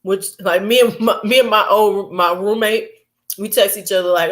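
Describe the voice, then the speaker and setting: A woman chatting casually to her camera at home late at night, blunt and quick to laugh, acting out her coworkers as she goes. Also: medium pitch, fairly even intonation, fairly bright tone. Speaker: vlogger. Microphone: camera mic.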